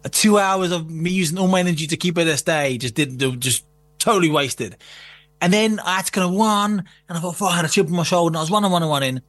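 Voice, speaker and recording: A man's voice: high-pitched, quick pace, a bit bright. A man telling a story in casual chat, swearing freely, acting out quotes and laughing often. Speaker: guest.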